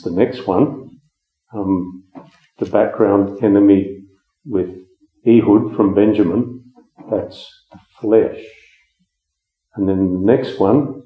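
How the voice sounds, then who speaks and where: Low-voiced man preaching in an echoey room. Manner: conversational, frequent ums and restarts. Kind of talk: Bible teaching sermon. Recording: echoey room, dull lo-fi sound.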